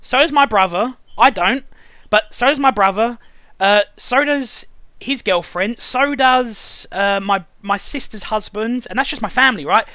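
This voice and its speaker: A man's voice: high voice, measured pace, bright, forceful tone, dry recording. A man hosting a casual review chat, ranting sarcastically and swearing often. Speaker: show reviewer and host.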